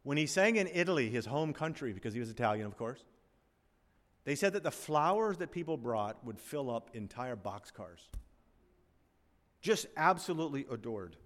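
Animated pastor preaching in a reverberant hall. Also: male voice, mid-range voice, normal speed. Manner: animated, swinging between loud emphasis and quiet asides. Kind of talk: sermon. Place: church sanctuary. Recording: long reverb of a large hall.

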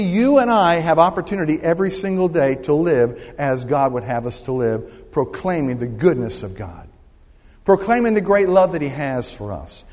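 This man's voice sits on the high side with a darkish tone. He is a pastor in his sixties delivering a sermon in a church sanctuary, weaving a story and pulling the congregation into call-and-response, all carried on a long hall reverb.

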